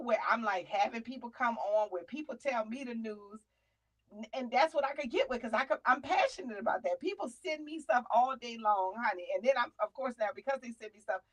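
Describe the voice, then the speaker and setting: A middle-aged woman hosts a casual talk show in a high voice. She talks with animated, preachy energy and now and then shouts out names. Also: poor audio. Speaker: show host.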